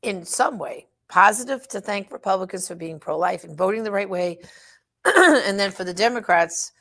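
Emphatic woman with a gravelly edge. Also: medium pitch, animated, moderate pace, fairly bright tone. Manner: emphatic and exhortative, frequent fillers. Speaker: pro-life advocate. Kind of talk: direct address advocacy talk.

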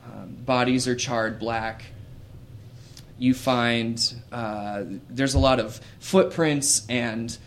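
A man acting as game master, narrating scenes in a relaxed, descriptive way with many fillers. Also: medium pitch, takes it slowly, slight background noise.

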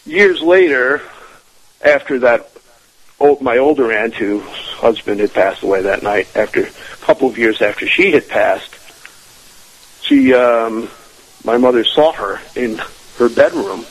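A man's voice: mid-range voice, unhurried, long pauses, poor audio. A man telling a family ghost story as a radio interview guest, rambling with many restarts and fillers.

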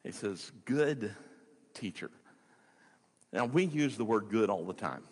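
A man preaching a sermon as a pastor, conversational and animated, with rhetorical questions and casual fillers. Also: on the low side, unhurried, slightly rough, big-room sound.

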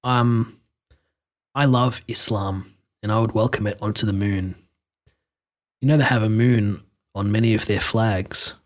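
A man's voice: lowish voice, fairly even intonation, measured pace, long pauses. A man hosting a comedy podcast, bantering dryly with a mock announcer tone. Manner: dry, ironic, mock announcer tone. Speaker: podcast host.

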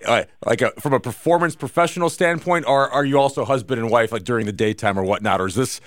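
A radio host asking long, rambling questions and reading show details. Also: male voice, medium pitch, fairly bright tone, no echo, clean studio sound. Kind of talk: casual radio interview.

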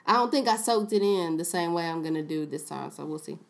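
A woman's voice: on the low side, animated, a little fast, creaky. Playful young woman podcast co-host. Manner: playful teasing, laughs often. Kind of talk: casual chat.

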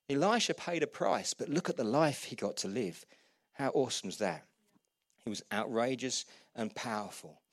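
A man preaching a sermon, retelling Bible stories with humour and animated quoted voices. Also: mid-range voice, normal speed, no room sound, studio quality. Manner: lively storytelling, voices quotes, laughs at own jokes.

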